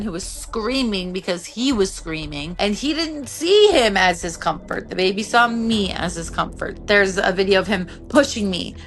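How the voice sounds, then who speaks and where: A woman in her thirties giving a personal testimony, talking in halting bursts with restarts and a lot of "like". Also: medium pitch, a bit bright. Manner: halting, many restarts and filler "like". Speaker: survivor telling her own story.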